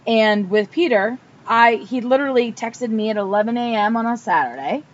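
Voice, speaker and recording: A woman's voice: on the high side, moderate pace. A woman co-hosting a podcast in casual chat, telling dating stories with blunt swearing and acting out what people said. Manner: candid storyteller, swears freely, acts out quotes. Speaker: podcast co-host. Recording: dull lo-fi podcast audio with faint background noise.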